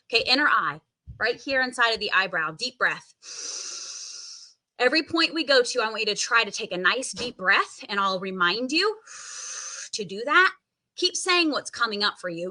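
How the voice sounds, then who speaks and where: A woman guiding a tapping meditation, coaxing listeners to repeat phrases and take deep sighing breaths. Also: very animated, moderate pace, sharp tone. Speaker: tapping session leader.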